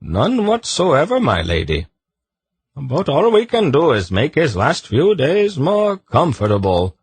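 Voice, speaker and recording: A man's voice: fairly high pitch, huge pitch swings, unhurried, husky, no echo, voice pushed up, full character voice. Man voicing a cool, clinical poison expert. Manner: clinical and matter-of-fact.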